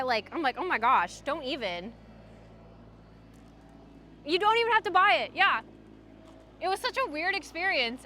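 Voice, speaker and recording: A young woman livestreamer telling a story in casual chat, animated and full of fillers. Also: sits high, slight background noise. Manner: chatty, animated, frequent "like" fillers.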